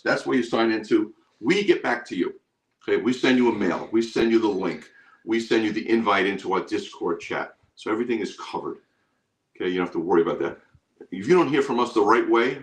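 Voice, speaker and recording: Fast-talking low-voiced man pitching trades. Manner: emphatic, repeats himself. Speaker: trading group host. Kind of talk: live stream sales pitch.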